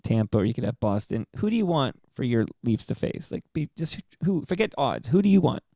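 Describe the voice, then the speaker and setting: A man's voice: medium pitch, creaky, no room sound, studio quality. A man trading jokes and opinions in a casual sports podcast chat. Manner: quick, joking, lively banter. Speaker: podcast co-host guest.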